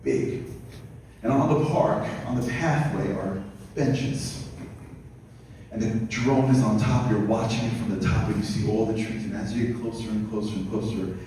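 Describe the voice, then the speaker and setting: A man giving a storytelling lecture, animated, moving between hushed narration and loud, high quoted voices. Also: normal speed, a little hiss or hum. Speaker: guest speaker. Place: community center hall. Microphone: far from the mic. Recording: distant, very echoey hall recording.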